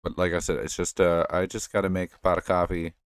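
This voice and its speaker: A man hosting a livestream, casually reacting to clips with a slow, lecturing manner. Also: deep voice, level tone, clear, resonant tone, no echo. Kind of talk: casual reaction stream chat.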